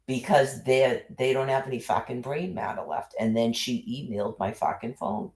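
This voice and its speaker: A man's voice: mid-range voice, normal speed, few pauses, a little mellow. A man ranting into his livestream in an agitated monologue, cursing heavily and repeating himself as he piles up accusations.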